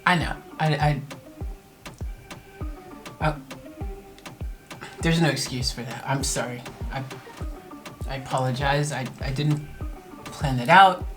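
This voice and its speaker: A woman's voice: extremely low pitch, slow, long pauses, over music. A woman from the United States hosting a casual reaction video, rambling and self-mocking with lots of fillers.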